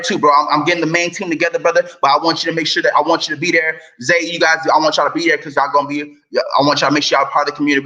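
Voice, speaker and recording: High, bright-voiced man ranting. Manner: profane and impassioned, swings between muttering and shouting. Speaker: online sports commentator. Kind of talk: heated ranting commentary.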